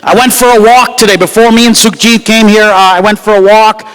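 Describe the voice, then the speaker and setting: A man from the United States performing a loud, self-mocking stand-up comedy set at a gala banquet. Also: high-pitched, steady tone, brisk, clean tone, a faint crowd, poor audio. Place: gala banquet hall with live crowd.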